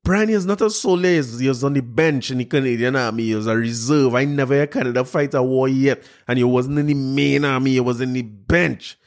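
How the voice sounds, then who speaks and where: A man's voice: medium pitch, a little fast, hardly any pauses. A man, mocking a news article he reads aloud, incredulous and laughing at it. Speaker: commentator reacting to a news article. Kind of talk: mocking commentary on a news story.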